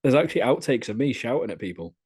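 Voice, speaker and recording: Quick and sing-song, his mid-range voice has a darkish tone and a breathy edge. The young Briton, an adult content creator being interviewed on a casual podcast, spins frank, chatty anecdotes laced with crude humour.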